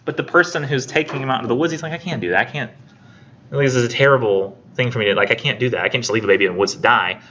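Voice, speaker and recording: A man with a bright, pushed mid-range voice teaches a college English class in a casual lecture. He's chatty, retelling the story and acting out the characters' lines in quick voices. The classroom recording is muffled, with faint noise.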